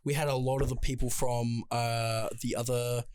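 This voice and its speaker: A man's voice: mid-range voice, flat delivery, normal speed, a little mellow, clear, resonant tone, dry recording. A young man co-hosting a podcast in casual chat, laid-back, with lots of ums and free swearing. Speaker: podcast co-host.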